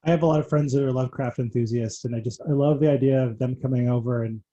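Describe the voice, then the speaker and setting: A man interviews a guest in a casual, playful way. His voice is mellow and warm, and he is quick to laugh. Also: medium pitch, steady tone, lo-fi sound.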